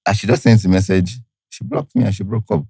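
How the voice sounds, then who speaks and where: A young man with a Nigerian accent, telling a personal story as a podcast guest in animated, laughing chat. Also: on the low side, quick pace, vocal fry, breathy edge, no echo, studio quality.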